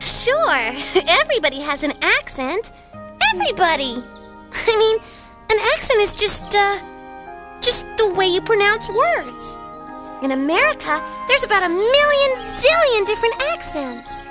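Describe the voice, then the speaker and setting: A woman voicing a young puppet girl who talks to a friend in a reassuring, warm way in a children's TV puppet show. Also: very high voice, big pitch swings, a little slow, loud music behind the voice, full character voice.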